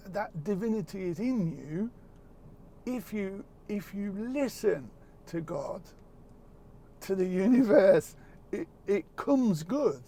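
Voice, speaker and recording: Slow gravelly-voiced earnest man. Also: high voice, warm tone, slight background noise. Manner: earnest, halting, repeats words, occasional swearing. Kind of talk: reflective casual chat.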